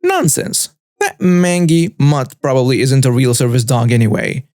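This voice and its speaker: A man's voice: medium pitch, normal speed, a little mellow, dry recording, studio quality, close to an everyday voice. A man voicing a rude, entitled middle-aged woman who screeches demands at clinic staff. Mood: hostile shrieking.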